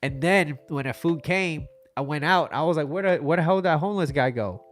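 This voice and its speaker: A man's voice: on the high side, fairly quick. A young man from the United States chatting casually on his livestream, rambling through stories and reading out viewer comments. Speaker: livestream host.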